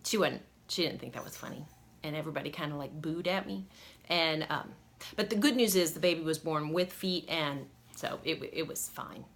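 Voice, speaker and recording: A woman's voice: low voice, moderate pace, creaky. A woman telling embarrassing stories from her life in a rambling, self-mocking way, laughing often. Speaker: vlogger telling personal stories. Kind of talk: casual story-time vlog.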